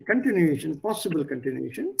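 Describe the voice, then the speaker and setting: A man teaching a German class on a video call, explaining grammar in an animated way. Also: fairly high pitch, fairly quick, vocal fry. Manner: animated, explaining, switching between English and German. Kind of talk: online language lesson.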